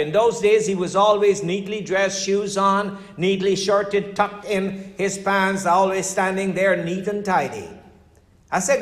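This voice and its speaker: An older man preaching as a pastor, telling stories in a conversational way and dropping his voice for emphasis. His voice sits fairly high for a man. The sound rings with long reverb, as if in a large hall. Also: unhurried, a bit bright. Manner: storytelling, conversational preaching with dramatic drops in voice. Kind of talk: sermon.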